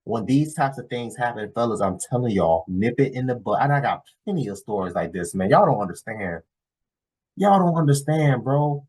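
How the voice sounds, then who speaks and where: A man vlogging a casual, animated story, acting out dialogue and tossing in "whatever" often. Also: on the low side, fairly quick, hardly any pauses, breathy edge, poor audio. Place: lives in Florida.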